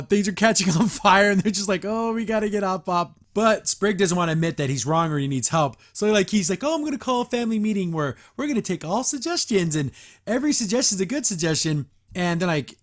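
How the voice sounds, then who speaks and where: A man hosting a casual episode review, rambling with lots of fillers and frequent laughs. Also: on the high side. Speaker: show reviewer and podcast host.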